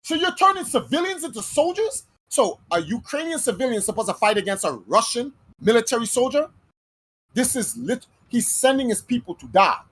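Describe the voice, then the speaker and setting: Woman podcast host, slightly husky, blunt and fired-up, swears a lot. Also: fairly high pitch, low-quality recording. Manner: heated, blunt and profane, arguing a point. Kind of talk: casual chat.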